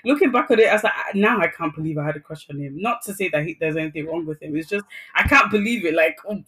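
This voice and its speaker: A woman co-hosting a relaxed podcast, recapping a drama she loved. She talks effusively and animatedly, piling up fillers as she tells the story. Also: on the low side, fast, slightly rough. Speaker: podcast co-host. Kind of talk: casual chat reviewing a drama.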